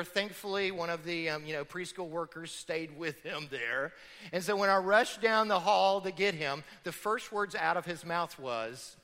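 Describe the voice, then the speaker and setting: A middle-aged man preaches a sermon in a church, pressing home his points with rhetorical questions. His voice sits high and bright, swinging widely in pitch. A long hall reverb trails each phrase. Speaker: pastor. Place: church sanctuary.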